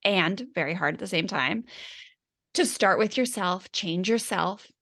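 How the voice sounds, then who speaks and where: A woman's voice: medium pitch, animated, a little slow, a bit bright. A woman parenting coach in a casual interview, chatty and full of "like" fillers, acting out her own inner voice.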